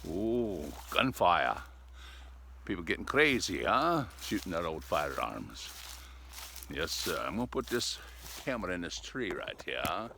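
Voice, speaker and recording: An older man with a fairly low voice rambles along in a folksy, chatty way, his pitch rising and falling with lively swings. He talks casually to a camera set up outdoors on a cold day. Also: unhurried, vocal fry, slight background noise. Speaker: vlogger. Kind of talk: casual outdoor vlog chat.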